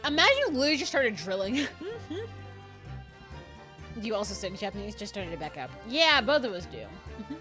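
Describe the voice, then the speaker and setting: Lively woman streamer, casual banter, game music under. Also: medium pitch, moderate pace, long pauses. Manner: animated, laughing, swearing freely. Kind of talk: casual gameplay chat.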